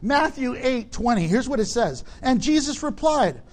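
A middle-aged male pastor preaching a sermon, animated and acting out the people in his stories. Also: moderate pace. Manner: animated preaching, acts out quoted people in a high shout.

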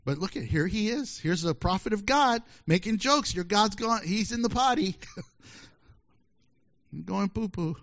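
A high-pitched male preacher delivers a sermon full of jokes, his voice leaping up and down as he acts out the scene. He laughs often between lines. The recording sounds dull and lo-fi. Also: expressive, slow, long pauses, a bit bright. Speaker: pastor.

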